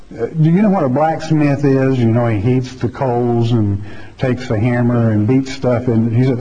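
A man's voice: medium pitch, normal speed, mellow, husky. A man preaching a verse-by-verse Bible sermon in a folksy, chatty way, often checking in with "okay?". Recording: roomy hall, dull lo-fi sound.

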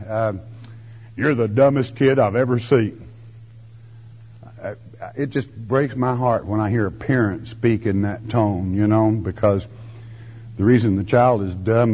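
Slow, husky folksy preacher man. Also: mid-range voice, dark tone, lo-fi sound. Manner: folksy, homespun, rural turns of phrase; slow, drawn-out emphasis with sudden lifts. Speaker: preacher teaching scripture. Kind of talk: folksy verse-by-verse sermon.

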